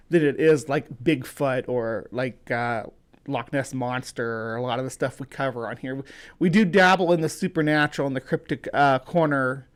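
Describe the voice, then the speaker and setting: A man's voice: fairly high pitch, clear, resonant tone. A man from the US hosting a casual livestream, greeting viewers by name and rambling with many fillers and restarts. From United States. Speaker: livestream host.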